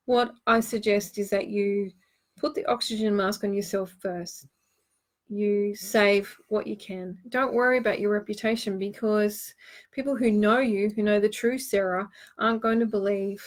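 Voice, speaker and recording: A woman hosts a live online card-reading show and talks through each card in an earnest, reassuring way. Her voice sits in a medium pitch, and she keeps stopping for ums and restarts as she works out her advice. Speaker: host and tarot card reader.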